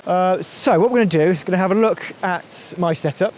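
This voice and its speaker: A man's voice: high voice, brisk, darkish tone. Chatty man hiking on a windy hill. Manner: chatty, jokey, thinks aloud while walking. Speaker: hiking vlogger. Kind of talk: casual outdoor vlog chat. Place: windy hillside outdoors.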